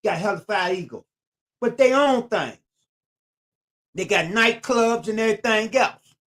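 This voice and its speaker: A man's voice: high-pitched, expressive, unhurried, fairly bright tone. A man speaks on his own live stream. He repeats his phrases over and over with a preacher's emphasis. Now and then he breaks off to greet viewers by name. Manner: talks straight at viewers and greets them by name.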